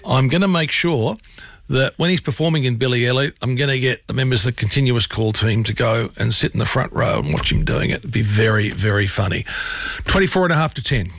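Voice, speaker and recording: A man's voice: medium pitch, fairly quick, a bit bright, dry recording. A man with an Australian accent hosting a casual radio interview, chatty and joking. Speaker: radio host. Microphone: studio mic.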